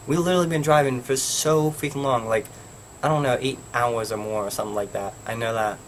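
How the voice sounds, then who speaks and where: A man's voice: mid-range voice, a little fast, a bit bright, slight background noise. A young man from Pennsylvania telling a rambling story for his vlog, filling it with "like". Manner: rambling, heavy use of "like". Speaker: vlogger.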